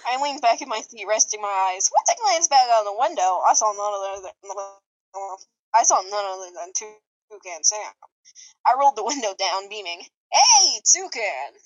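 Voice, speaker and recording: A woman's voice: mid-range voice, lively intonation, normal speed, dull audio. A woman co-hosting a podcast, reading a comedic fanfiction aloud, giggling and stumbling over her words. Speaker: podcast co-host.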